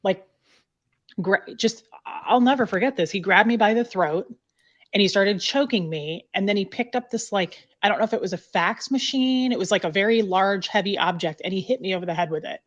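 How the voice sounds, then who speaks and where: A woman's voice: medium pitch, brisk. Woman, candid storyteller, salty and blunt, muffled call audio. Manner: blunt, swears freely, many "like" fillers. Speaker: guest recounting her past.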